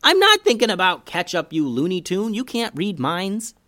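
A man doing a high, panicky young boy. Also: huge pitch swings, moderate pace, sharp tone, no echo, studio quality, full character voice. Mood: scoffing. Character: excitable young boy, dramatic and boastful. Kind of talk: storytelling podcast.

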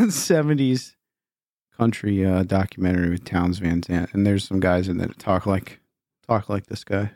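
Easygoing low-voiced co-host man. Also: a little slow, no echo, studio quality. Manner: easygoing, laughs along. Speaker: podcast co-host. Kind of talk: casual chat.

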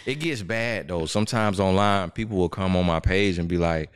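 A man's voice: low voice, normal speed, clean tone, dry recording, studio quality. A man in his thirties from Florida with a Southern accent, a guest life coach chatting casually and telling stories. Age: 30s. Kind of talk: casual podcast chat.

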